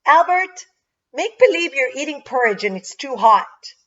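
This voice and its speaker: A woman voicing a bossy little preschool girl who gives orders in a high, commanding child voice, on a dull lo-fi recording. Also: big pitch swings, measured pace, fairly bright tone, distant mic, heavily acted. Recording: dull lo-fi sound.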